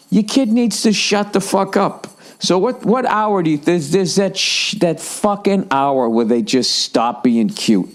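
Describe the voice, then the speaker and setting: A man in his forties ranting through a casual comedic monologue as a podcast host, swearing heavily and jumping up in pitch. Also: unhurried. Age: 40s. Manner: ranting, heavy swearing, animated rises in pitch.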